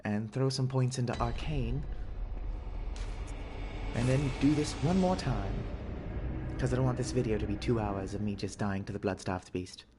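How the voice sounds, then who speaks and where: A man's voice: mid-range voice, normal speed, pauses often, background noise. A man in his twenties giving wry, self-mocking let's-play commentary with a stuffy nose. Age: 20s. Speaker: gaming channel host. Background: loud game music and combat sounds.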